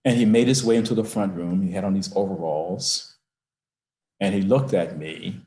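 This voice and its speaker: An older man with a low voice tells a personal story in a heartfelt, unhurried way. He speaks over a video call from an echoey room. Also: mellow. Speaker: guest speaker.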